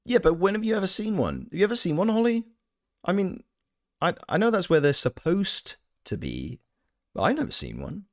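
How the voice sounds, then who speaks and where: A man's voice: high voice, wildly swooping pitch, moderate pace. A man chatting casually on a game stream, reading his chat aloud with playful, joking asides. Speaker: gaming streamer and voice actor.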